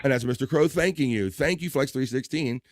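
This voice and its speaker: A man with a medium-pitched voice hosts a casual livestream, talking a little fast over a very noisy background. He reads chat messages aloud in bursts of voices, laughing and joking loosely into a desk microphone.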